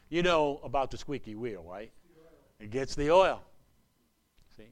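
A man preaching a sermon in an earnest, repetitive way, swinging between loud urgent lines and hushed asides. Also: on the high side, big pitch swings, unhurried, pauses often, smooth. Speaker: pastor.

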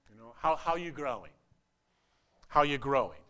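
Halting male preacher telling a story. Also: mid-range voice, expressive, bright, forceful tone, clean tone. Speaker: pastor. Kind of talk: sermon with an illustrative story.

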